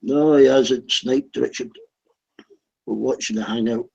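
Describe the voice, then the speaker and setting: A man's voice: medium pitch, steady tone, unhurried, creaky, a little mellow, slightly rough, highs cut off. A man chatting bluntly in an online voice room, swearing and leaning on fillers. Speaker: chat room regular. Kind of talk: casual online group chat.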